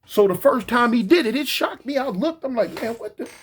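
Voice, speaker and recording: Speaking fairly quickly, this lively storyteller spins a laid-back yarn full of slang in a husky voice. Pitch jumps around a lot, with frequent repeated words and characters' lines performed in their own voices.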